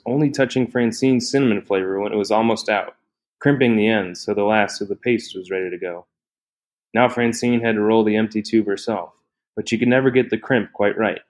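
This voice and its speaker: A man narrating a novel in a steady, measured reading voice. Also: on the low side.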